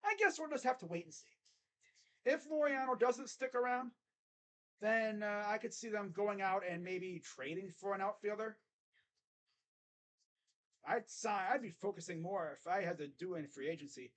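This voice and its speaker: A young man doing live fan play-by-play, chatty and rambling, jumping to excited calls on each pitch. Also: moderate pace, long pauses.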